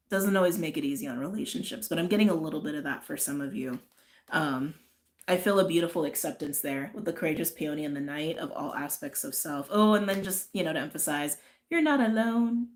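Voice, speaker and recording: A woman with a slightly low voice gives a relaxed spiritual reading. She talks in a chatty, rambling way, wandering into tangents and checking in with her listeners. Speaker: tarot and astrology reader. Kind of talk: casual spiritual reading chat.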